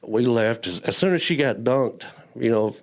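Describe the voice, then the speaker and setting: Here a man, a guest at church, offers an earnest account of his personal faith, speaking haltingly and often repeating himself. His medium-pitched voice is expressive, and emotion brings him near tears.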